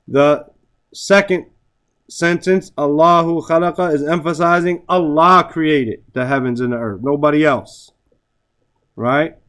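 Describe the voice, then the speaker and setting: A man's voice: fairly high pitch, fairly bright tone, clear, resonant tone. A man teaching a class on Arabic grammar, reciting Arabic phrases and translating them, often checking in with "right?". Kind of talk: classroom lesson.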